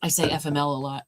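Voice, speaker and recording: A woman with a low voice co-hosts a livestreamed movie watch party, chatting casually, laughing a lot and letting sentences trail off. There's slight background noise.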